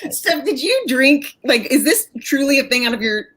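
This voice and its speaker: A woman's voice: sits high, sing-song, moderate pace, fairly bright tone. A woman in her forties hosting an author interview over a video call, chatty and enthusiastic, with many fillers and frequent laughs. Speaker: host of an author interview show. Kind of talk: casual video chat interview.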